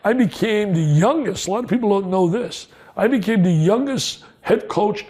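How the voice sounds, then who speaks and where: An older man from New Jersey, telling stories as a guest in an interview, excitable and emphatic, repeating lines for punch. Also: high voice, slightly rough. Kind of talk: storytelling interview.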